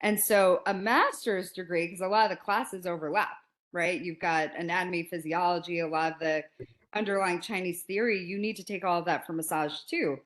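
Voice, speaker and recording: A woman in her forties, a podcast guest telling a story in a lively, casual way and acting out quotes. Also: on the low side, fairly quick. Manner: animated, laughs often, acts out quotes.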